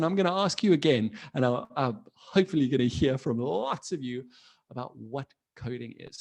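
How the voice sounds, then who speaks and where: A man teaching an online coding class for children from his computer, playful and animated, constantly asking the kids questions. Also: on the high side. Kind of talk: live online children's lesson.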